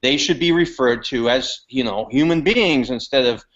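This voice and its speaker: Man, co-host, hesitant, many fillers, middle pitch, lo-fi stream. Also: moderate pace, a bit bright. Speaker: co-host reading viewer comments. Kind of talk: live panel chat. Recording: lo-fi web stream audio.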